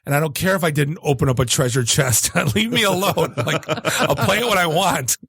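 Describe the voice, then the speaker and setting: A man's voice: fairly high pitch, a little fast, creaky, slightly rough, no echo. Joking man co-hosting on a dry mic. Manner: jokey, animated, laughs often. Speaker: podcast co-host. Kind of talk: casual podcast chat.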